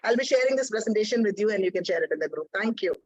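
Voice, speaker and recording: A woman giving a brisk grammar report at a club meeting, listing words and correcting usage over a video call. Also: medium pitch, lively intonation, dry recording, rough recording.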